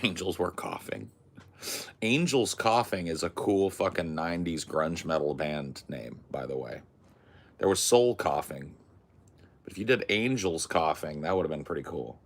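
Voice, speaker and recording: Deep, gravelly American man, loose profane podcast riffing. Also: a bit bright. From United States. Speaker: podcast host. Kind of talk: casual comedic podcast chat.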